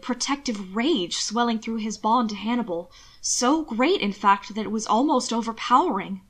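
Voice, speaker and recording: A woman narrating an audiobook reading of fan fiction with expressive, measured storytelling. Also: on the high side.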